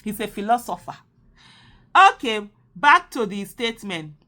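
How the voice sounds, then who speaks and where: A Nigerian woman talks in a loose, animated monologue. She repeats herself for emphasis and drops Pidgin phrases into her English. Her voice sits at a middle pitch for a woman. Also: moderate pace. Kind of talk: casual monologue.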